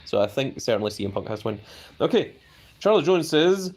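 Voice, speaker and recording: Chatty male streamer reading viewer comments. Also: a little fast. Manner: chatty, reads out viewer comments with lively jumps in pitch; hedging with many fillers. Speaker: live stream host. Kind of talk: casual live-stream chat.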